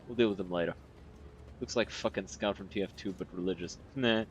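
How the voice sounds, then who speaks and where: A man's voice: deep voice, brisk, a little hiss or hum. A man casually commenting on a video game as he plays, laid-back and joking crudely. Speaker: gaming streamer.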